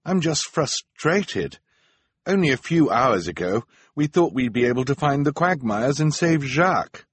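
A man's voice: medium pitch, expressive, normal speed, slightly rough, dry recording, pitched above the performer's own voice. A man voicing an earnest, bookish teenage boy in an audiobook, explaining things. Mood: frustrated. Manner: earnest, explaining, slightly raised. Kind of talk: audiobook narration.

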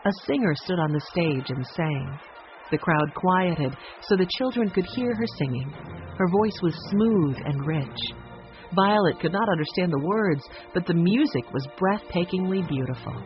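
Expressive children's audiobook narrator. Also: medium pitch, lo-fi sound, a little hiss or hum. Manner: expressive, switches voices for characters. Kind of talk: scripted storybook narration.

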